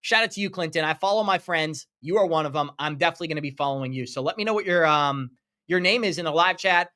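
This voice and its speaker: Hype crypto streamer guy, high bright voice, gushing thank yous to chat. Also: fast. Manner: upbeat, effusive, thanking viewers by name. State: running out of breath. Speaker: crypto livestream host. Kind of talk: live stream chat, reading donations.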